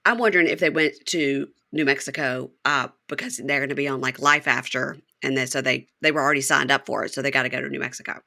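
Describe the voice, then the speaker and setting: A woman's voice: very deep voice, fast talker, gravelly, few pauses. A woman hosting a podcast, recapping a show in casual chat and acting out the lines she quotes. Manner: animated storyteller who acts out quoted lines. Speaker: podcast host.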